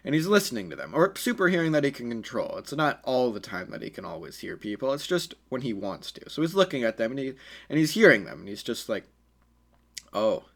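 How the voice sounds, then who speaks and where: A man's voice: medium pitch, very animated, fast talker, creaky. A man telling an improvised fan story in a casual, rambling way, with many fillers and self-corrections.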